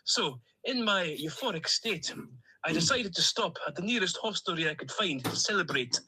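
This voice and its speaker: A chatty little plastic duck with a Stornoway lilt, as a man puts him on, who rattles through his misadventures in a jolly, rambling way. The voice sits high and very bright, with a husky edge to it. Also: animated, normal speed, exaggerated voice, rough recording. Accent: Scottish, Stornoway. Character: chatty plastic male emotional support duck. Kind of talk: comic voice-note monologue.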